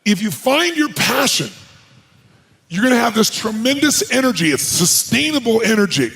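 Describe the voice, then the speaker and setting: A man giving a live motivational seminar on a stage before a large audience, energetic, firing rhetorical questions at the crowd and at times shouting to rouse them. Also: extremely high pitch, moderate pace, creaky, breathy edge. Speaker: motivational speaker.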